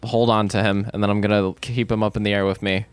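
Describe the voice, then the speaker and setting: A man's voice: fairly low pitch, little pitch movement, fast talker, clean tone, no echo. A man playing a tabletop game, joking with his friends. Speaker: player. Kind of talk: casual tabletop game chat.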